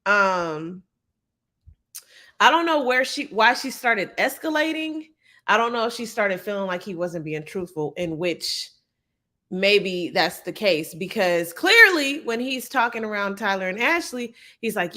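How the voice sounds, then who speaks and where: A woman's voice: medium pitch, unhurried. A young woman chatting casually through a show recap, acting out what people said. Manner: chatty, animated, acts out quotes. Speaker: reality show recap host. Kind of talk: casual chat, live recap.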